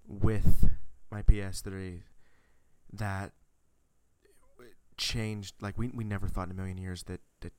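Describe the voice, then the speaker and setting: A man's voice: low voice, level tone, slow pace, darkish tone, smooth. A young man hosting a podcast, telling a nostalgic story in an enthusiastic, rambling way. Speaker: podcast host. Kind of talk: casual storytelling chat.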